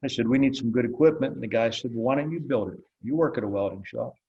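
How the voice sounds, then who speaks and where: A man's voice: medium pitch, fast talker, gravelly, highs cut off. Older man telling a folksy story. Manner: folksy, wry storyteller who acts out dialogue. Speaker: interviewed blacksmith. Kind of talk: relaxed storytelling in an interview.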